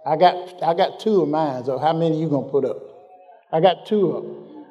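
A man preaching a sermon, questioning his congregation and drawing out scripture slowly before rising in pitch as he builds. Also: dark tone, long reverb tail, muffled recording. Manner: call-and-response, questioning the congregation.

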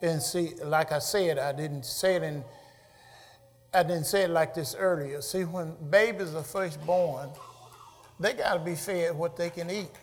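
Middle-aged male pastor, high voice, fervent sermon delivery with call-and-response, reverberant sanctuary. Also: unhurried. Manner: preaching with rising shouts and call-and-response. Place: church sanctuary.

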